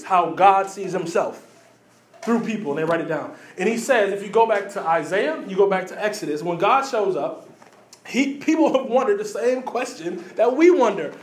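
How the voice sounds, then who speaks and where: A man, preaching a sermon in lively bursts with quick asides and repeated phrases. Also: sits high, echoey room, slight background noise. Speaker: pastor.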